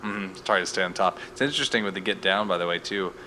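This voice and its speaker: A man with a low voice and a sharp tone co-hosts a podcast, talking quickly in casual, teasing, joking banter. The recording has a bit of hiss or hum.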